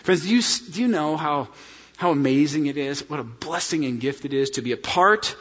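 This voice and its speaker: A man's voice: on the high side, animated, moderate pace, a bit bright. A man preaching a sermon as pastor, earnest and storytelling, calling his congregation friends. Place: church sanctuary. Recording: dull sound in a reverberant church hall.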